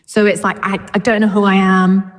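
A woman's voice: medium pitch, level tone, a little fast, big-room sound. A woman preaching a sermon in a church, chatty and informal with touches of humour. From Britain.

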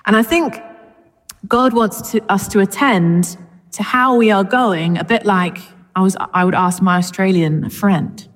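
A woman's voice: medium pitch, unhurried, in a large hall. A woman preaching a sermon in a church, chatty and informal with touches of humour. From Britain.

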